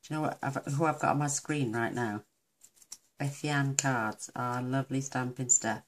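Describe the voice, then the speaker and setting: A woman's voice: a bass voice, steady tone, moderate pace, low-quality recording. A middle-aged woman from the UK chatting casually through a crafting tutorial, rambling and talking to herself as she works. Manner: chatty, rambling, talks to herself while working. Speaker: craft demonstrator.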